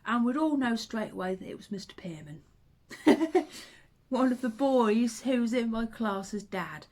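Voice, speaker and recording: A woman talks casually to her camera, her voice sitting a little on the high side. She tells stories in a chatty, reminiscing way. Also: lively intonation, a little slow, a little mellow. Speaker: vlogger.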